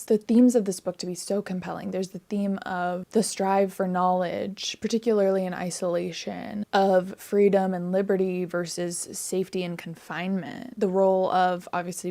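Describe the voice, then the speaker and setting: Woman doing a chatty book review vlog, kinda gravelly voice, thoughtful, says like a lot. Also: mid-range voice, mellow. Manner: earnest and reflective, heavy use of "like".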